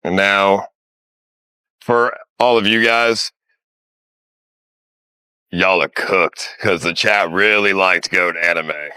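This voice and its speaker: A man with a low voice and a bright, forceful tone announces results and gives blunt opinions. His voice is smooth and crisp, recorded dry and close. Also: slow, pauses often, no room sound. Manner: blunt, offhand. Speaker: show host. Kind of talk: casual stream talk.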